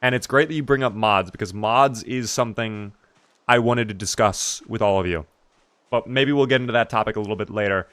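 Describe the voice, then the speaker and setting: A man's voice: fairly low pitch, brisk, a bit bright, smooth, no room sound. A man streaming a game live, chatting casually and answering his chat as he plays.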